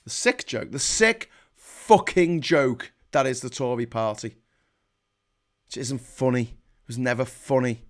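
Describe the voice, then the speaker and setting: A man's voice: medium pitch, lively intonation, unhurried, pauses often. A man hosts a live stream and rants about politics, swearing heavily and getting heated. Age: 40s. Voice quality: profane, heated. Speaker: livestream host. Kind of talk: angry political rant.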